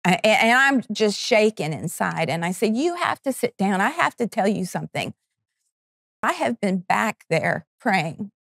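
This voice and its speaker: A middle-aged woman tells a heartfelt faith story in a fervent, earnest way, often stopping to restart her sentences. Her pitch sits in a normal middle range. The studio sound is dry and close. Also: a bit bright, no echo. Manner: earnest, fervent, halting with restarts and quoted prayers. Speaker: network co-founder. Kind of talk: emotional personal testimony. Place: television studio.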